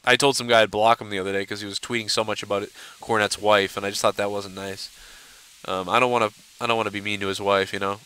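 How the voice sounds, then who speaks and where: A man's voice: on the low side, level tone, quick pace, bright, forceful tone, clear, resonant tone, rough recording. A male live-show host in a mocking, combative rant to camera, swearing heavily. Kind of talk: angry profane rant to camera. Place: seated at home in front of a camera.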